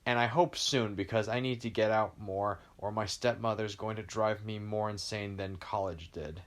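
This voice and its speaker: A man reading a first-person storybook prologue in a calm, unhurried way. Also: lowish voice.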